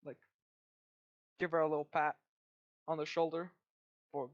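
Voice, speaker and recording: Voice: medium pitch, level tone, measured pace, muffled recording. A player in a casual tabletop game who talks loosely and swears freely.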